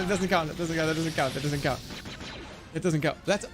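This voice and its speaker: Man, a bit high-pitched, casual streamer, flustered and giggly, over clear game music. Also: a little fast. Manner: giggly, flustered, apologetic rambling. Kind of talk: casual gaming stream chat.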